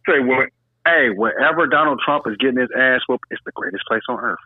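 A man in casual chat, talking loudly and profanely and laughing often. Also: mid-range voice, a little fast, no echo, phone-quality sound.

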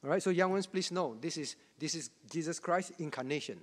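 Male pastor, high-pitched, repeats his points with emphasis, long hall echo. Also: brisk. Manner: repetitive, emphatic, chuckling asides. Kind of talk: Bible teaching to a congregation.

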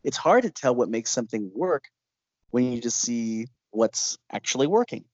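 A man's voice: mid-range voice, sing-song, normal speed, a little mellow, no echo, dull audio. A man who makes horror films, telling stories in an interview with lots of laughter and acted-out voices. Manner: laughs often and acts out quoted voices. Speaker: horror filmmaker. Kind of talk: animated interview storytelling.

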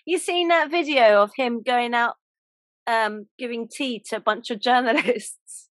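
Chatty woman, higher voice. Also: unhurried, fairly bright tone, no echo. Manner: chatty, ends points with tag questions. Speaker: host. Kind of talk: casual chat.

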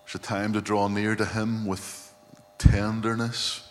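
Deep-voiced male pastor preaching slowly. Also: flat delivery. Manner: earnest, reflective preaching, often quoting scripture. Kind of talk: sermon. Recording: long hall reverb, faint hum.

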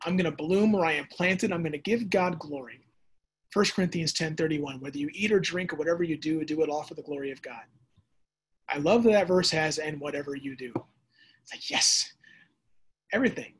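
A man preaching a sermon as pastor, lively and conversational, acting out voices and adding casual asides. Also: a little high, husky. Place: church or home setting during the pandemic.

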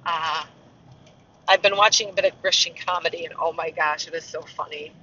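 Chatty man, bright high voice. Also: steady tone, brisk, a little hiss or hum. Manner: rambling, chatty, self-mocking asides. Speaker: castle tour guide. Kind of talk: casual vlog chat. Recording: muffled, slightly distant mic.

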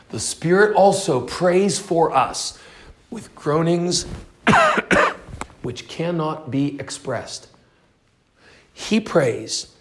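A man preaching a sermon, reading scripture aloud and then explaining it. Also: fairly high pitch. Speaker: pastor.

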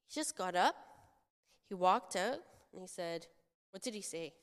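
A woman pastor giving a children's sermon, telling a story in an animated way and asking the children questions. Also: fairly low pitch, unhurried. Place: church sanctuary. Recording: long church reverb.

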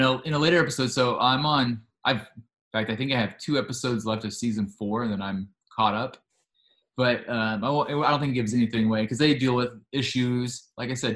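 A man's voice: medium pitch, a little fast, fairly bright tone. A man hosting a podcast, talking in a casual, chatty way and eagerly retelling scenes at length. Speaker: podcast host.

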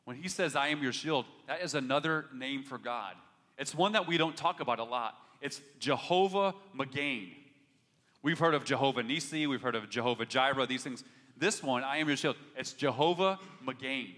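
Speaking at normal speed with a medium pitch and a slightly bright quality, a pastor preaches earnestly. He presses harder while urging and restarts his words often, his voice echoing in a long hall reverb.

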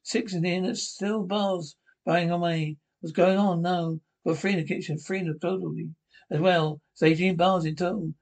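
An actor playing a grumpy older Scottish pensioner in a sitcom, with a Scottish accent and blunt, gruff banter. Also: male voice, high voice, steady tone, moderate pace. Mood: grumbling. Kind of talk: sitcom acting.

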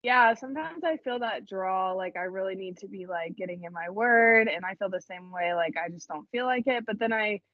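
A woman's voice: mid-range voice, moderate pace, few pauses, no echo, phone-quality sound. A woman co-hosting a podcast, chatting emotionally about faith and often laughing. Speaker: podcast co-host. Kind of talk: casual faith chat.

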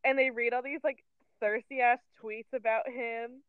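A woman's voice: fairly high pitch, level tone, unhurried, clear, resonant tone, no room sound. A young woman in her twenties co-hosting a casual chat podcast, gushing and giggly, with lots of "like". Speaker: podcast co-host. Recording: tinny phone-like line.

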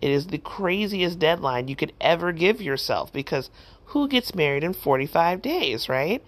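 A woman's voice: on the low side, normal speed. Woman host, middle-aged, chatty storyteller who acts out quotes; casual, filler-heavy delivery. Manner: chatty, animated, many fillers and quoted dialogue. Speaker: podcast host.

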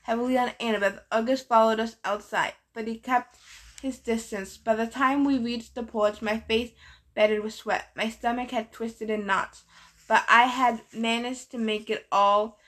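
A woman reading a novel aloud in a steady first-person storytelling voice. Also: on the high side, measured pace. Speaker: narrator. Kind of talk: audiobook reading.

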